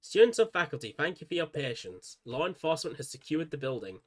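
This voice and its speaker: A man's voice: a little high, very animated, fast, background noise. A man doing a formal headmaster announcement. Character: male academy headmaster announcing over an intercom.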